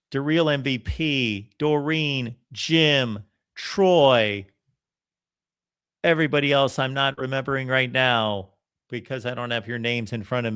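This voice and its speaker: A man hosting a college football channel, talking in a casual, emphatic live-stream monologue and acting out what others said. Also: mid-range voice. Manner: animated, emphatic, quotes others in voices.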